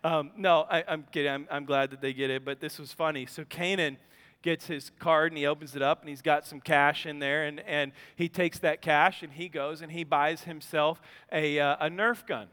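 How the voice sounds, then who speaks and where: A man's voice: on the high side, fairly even intonation, normal speed, sharp tone, smooth, long reverb tail. A man preaching a sermon as a pastor, telling stories with animation and acting out a child's voice.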